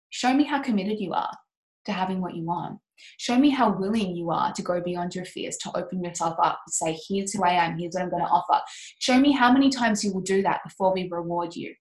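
A woman's voice: lowish voice, roomy sound. A woman co-hosting a casual podcast, talking about business and mindset in an impassioned, emphatic and candid way, with the odd swear word.

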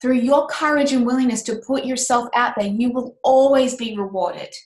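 A woman's voice: a little high, fairly even intonation, moderate pace, darkish tone. Impassioned woman in an echoey room. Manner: impassioned, emphatic, candid, swears now and then. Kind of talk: casual podcast chat about business and mindset.

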